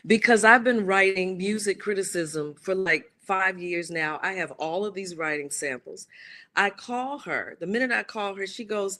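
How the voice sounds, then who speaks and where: Speaking in a mid-range voice at a moderate pace, this author and playwright, appearing as a guest, animatedly tells a story and performs the quoted lines in different voices.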